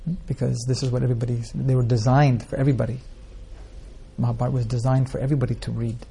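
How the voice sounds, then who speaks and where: A man's voice: medium pitch, little pitch movement, rapid-fire, vocal fry, dark tone, slight background noise. A man teaching an informal scripture class, telling stories in a rambling way and asking the listeners rhetorical questions. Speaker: spiritual teacher.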